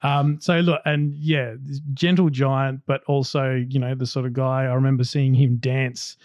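A man's voice: mid-range voice, little pitch movement, normal speed, no echo, highs cut off. A man co-hosting a podcast who chats casually, tells a family story and breaks into laughter. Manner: chatty, warm-humored, breaks into laughs. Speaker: podcast co-host.

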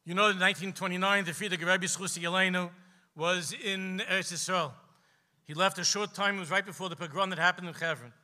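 A man, a rabbi preaching to a gathering, telling stories with passion and slowing down for emphasis. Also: steady tone. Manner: impassioned storytelling, slows for emphasis, drops low and quiet at key lines. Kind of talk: sermon at a gathering. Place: live event hall.

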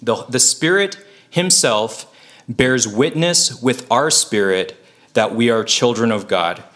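A man's voice: medium pitch, slow, a bit bright. A man giving an earnest, conversational Bible teaching, full of fillers and self-corrections. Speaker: preacher.

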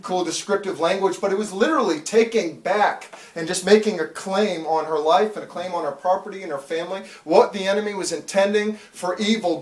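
A man in his thirties giving a fervent testimony in church, building from storytelling to loud, pleading prayer. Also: high-pitched, roomy sound, far from the mic. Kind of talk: preached testimony.

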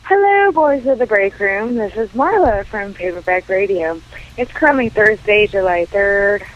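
A woman's voice: mid-range voice, animated, moderate pace. Woman caller, chirpy voicemail read, dull lo-fi phone audio. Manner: chirpy, playful. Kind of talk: voicemail message.

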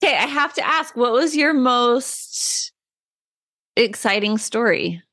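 A woman's voice: on the high side, animated, slow pace, sharp tone. A woman hosting a parenting podcast, chatty and enthusiastic as she interviews her guest. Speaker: podcast host and parent coach.

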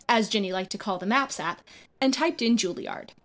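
A woman reading a short story aloud as narrator, in an expressive, lively storybook style. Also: mid-range voice, moderate pace. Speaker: audiobook reader.

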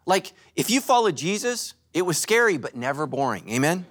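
A male pastor giving a sermon at a church service, joking and telling animated stories. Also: a little high, normal speed. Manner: animated, joking, storytelling preacher.

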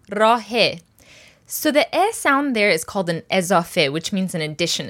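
A woman leads a language lesson in a mid-pitched voice. She is patient and methodical, and she slows down to repeat each word for her learners. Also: a bit bright. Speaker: language teacher.

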